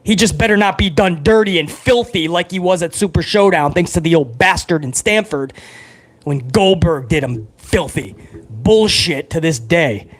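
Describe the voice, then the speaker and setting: A wired, over-caffeinated man hosts a live reaction stream, chatting loosely with viewers and swearing freely. His voice sits notably high and bounces with excitement. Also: moderate pace.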